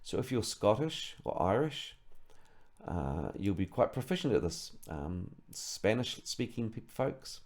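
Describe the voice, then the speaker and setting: A man from New Zealand giving a slow instructional lesson, carefully breaking words into syllables. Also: lowish voice, sing-song, darkish tone. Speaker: sonographer teaching Maori words.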